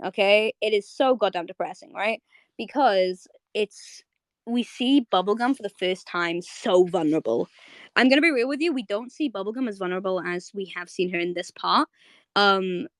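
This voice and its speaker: Brief: young woman chat host, excitable and emotional, casual cursing, dry close sound. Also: medium pitch, dry recording. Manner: gushing, emotional, swears freely, rambling. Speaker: host of a live audio chat.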